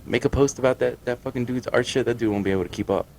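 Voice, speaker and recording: A man co-hosting a podcast in casual chat, laid-back, swearing often and laughing, high from smoking. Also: rapid-fire, creaky, darkish tone, a little hiss or hum, rough recording. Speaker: podcast co-host.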